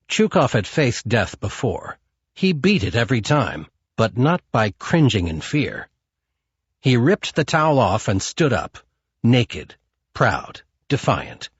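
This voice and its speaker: A man's voice: medium pitch, big pitch swings, takes it slowly, breathy edge, dry recording, highs cut off. A man narrating a crime novel audiobook in a dramatic storytelling manner. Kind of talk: scripted narration.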